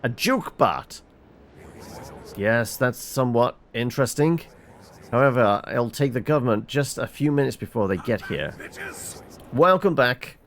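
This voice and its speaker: A man's voice: mid-range voice, expressive, a little slow, long pauses, a little hiss or hum. A man reading a game's dialogue aloud for every character, with fillers and small restarts. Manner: reads all characters, stumbling with fillers. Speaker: game reviewer reading dialogue.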